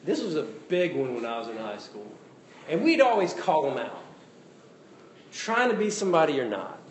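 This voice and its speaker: Male pastor, lively conversational preaching, slightly high voice, roomy hall with faint noise. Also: normal speed. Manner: animated, jokey preaching with acted-out quotes. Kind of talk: sermon. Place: church hall.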